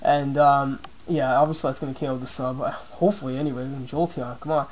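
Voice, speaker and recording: A young man casually commentating a game battle as host of his own channel, voicing his own reactions with sudden excited jumps. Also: medium pitch, brisk, poor audio.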